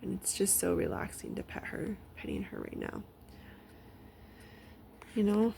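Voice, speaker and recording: A woman with a strongly gravelly, creaky voice tells a relaxed personal story, full of fillers, now and then sinking into a whisper. Her pitch sits in the middle range. A faint hiss of noise stays under the recording. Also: measured pace. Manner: rambling, frequent fillers, drops into soft whispers. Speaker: vlogger. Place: at home with her dog.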